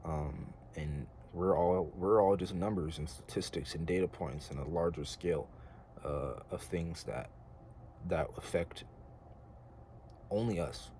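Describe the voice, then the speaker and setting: A man's voice: sits low, a little slow, mellow, slight background noise. A young American man giving an earnest, rambling spiritual monologue to camera, casual and slangy with lots of filler words. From United States. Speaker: vlogger.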